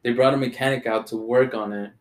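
A man's voice: medium pitch, fairly even intonation, fast. A young man from Texas in casual chat as a podcast co-host, laid-back and swearing freely. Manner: laid-back, swears a lot, says "dude".

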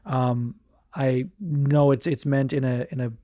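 A man's voice: medium pitch, steady tone, measured pace, warm tone, no room sound, studio quality. A man hosting a podcast in casual chat, rambling with lots of fillers and swearing. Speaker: podcast host.

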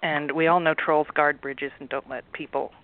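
A male author, a guest on a radio interview, explaining his story and reading from it in a relaxed storytelling way over a tinny phone line. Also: fairly high pitch, normal speed, slight background noise.

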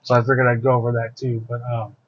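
Guy cohosting a chat podcast, thinking out loud, um-ing a lot, kinda dull dry sound. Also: mid-range voice, monotone, fast, no echo. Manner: thinking aloud, reflective, with fillers. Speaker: podcast co-host. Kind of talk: casual chat.

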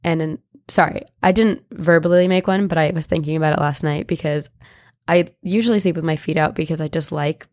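A young woman with laryngitis talks hoarsely in a lowish voice, telling stories with lots of giggles. Her sound is dry and close to the mic. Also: brisk, no room sound. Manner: giggly, animated storyteller. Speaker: podcast co-host. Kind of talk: casual chat.

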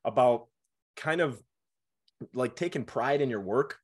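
A young man chatting casually as a podcast co-host. He tells family stories with lively swings in his voice and jumps into the voices of the people he quotes. The tone is relaxed and conversational. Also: medium pitch, a little slow. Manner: animated storytelling, acts out quotes.

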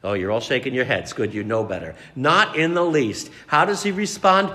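A man's voice: medium pitch, moderate pace, hardly any pauses, sharp tone, big-room sound. A man preaching a sermon, telling the story dramatically and putting questions to his congregation.

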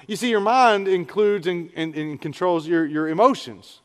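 A man's voice: high voice, normal speed. A middle-aged man, preaching an earnest, conversational sermon. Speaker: pastor. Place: church sanctuary. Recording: church hall reverb.

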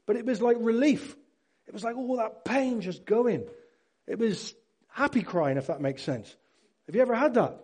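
A pastor with a high, breathy-edged voice preaches at a moderate pace. He animatedly acts out Bible characters and puts questions to his congregation.

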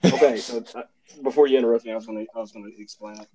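Young man, podcast host, hushed casual talk, average pitch, frequent laughs. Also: steady tone, racing, low-quality recording. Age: young adult. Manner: laughs often, keeps his voice low. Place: cold room at home.

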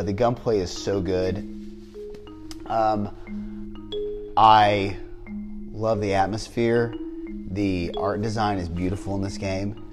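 A man co-hosting a podcast in casual chat, rambling with many fillers and restarts. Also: fairly low pitch. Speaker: podcast co-host.

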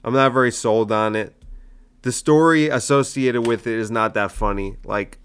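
A man's voice: mid-range voice, steady tone, normal speed, a bit bright, clear, resonant tone. A young adult man, a stand-up comedian hosting his own show, rambling casually and mocking his own old jokes. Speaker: stand-up comedian and podcast host. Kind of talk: casual solo podcast monologue.

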